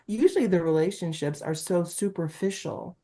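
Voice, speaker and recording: A woman's voice: fairly low pitch, normal speed, dark tone. A middle-aged woman from Newark, a talent agent, talking candidly in an interview with a Valley-girl-like, emphatic delivery. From Newark, New Jersey, USA.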